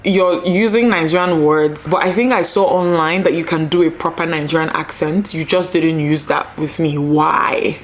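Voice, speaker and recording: Low-voiced chatty woman vlogger. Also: fairly even intonation, moderate pace, few pauses, slight background noise. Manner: chatty, rambling, many fillers. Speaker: lifestyle vlogger. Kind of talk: casual vlog chat to camera.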